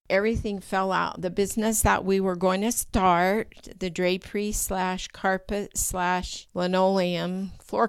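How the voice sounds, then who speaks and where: An older woman telling a personal story in a lively way, acting out her own past thoughts with sudden high rises in pitch. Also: clean tone, dry recording. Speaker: guest telling a true story.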